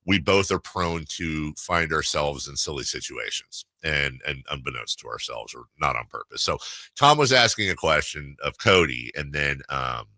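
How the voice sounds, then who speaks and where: A man's voice: rumbling low, very animated, normal speed, sharp tone, no room sound. A man hosting a sports radio talk show, telling a rambling story in casual chat with many restarts. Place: radio studio.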